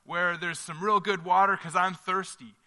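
A man's voice: high-pitched, little pitch movement, moderate pace, sharp tone. A man voicing a thirsty male king who longs for good water, in a raised, wistful voice. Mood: longing.

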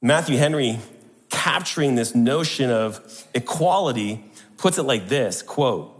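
A man's voice: mid-range voice, expressive, unhurried, in a large hall. A man preaching a sermon to a congregation, emphatic and posing rhetorical questions.

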